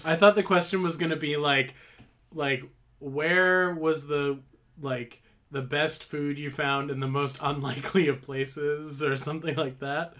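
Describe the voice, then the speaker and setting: A man's voice: a little high, steady tone, measured pace, fairly bright tone. A man from Canada co-hosting a podcast, joking around and swearing casually. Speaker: podcast co-host. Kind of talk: casual chat.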